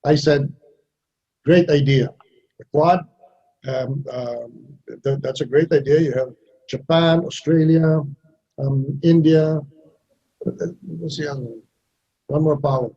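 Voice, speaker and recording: Interview guest: older man from the Philippines, husky and mellow, blunt and wry, slips into other people's voices. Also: a little high, fairly even intonation, slow pace, long pauses, dull audio. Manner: blunt, wry, acts out others' lines with shifts in voice. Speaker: foreign minister, guest. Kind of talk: candid interview answers.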